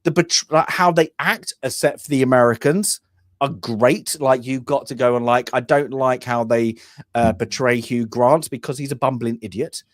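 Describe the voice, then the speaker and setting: A man's voice: medium pitch, normal speed, dry recording, clean studio sound. A young man co-hosting a casual film review chat, opinionated and rambling with many restarts. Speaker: podcast co-host.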